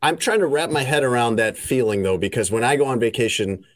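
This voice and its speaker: A man's voice: medium pitch, quick pace, no room sound. A man hosting a casual podcast chat, teasing his co-hosts and reading an ad in an easygoing way. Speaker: podcast host.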